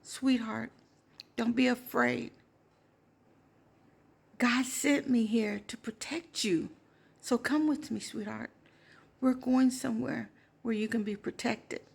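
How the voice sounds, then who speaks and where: A tender female guardian angel , as a woman puts her on, speaking in a soft, hushed, near-whispered voice. She soothes slowly, with a slightly gravelly edge. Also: fairly high pitch, fairly even intonation, exaggerated voice. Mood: soothing.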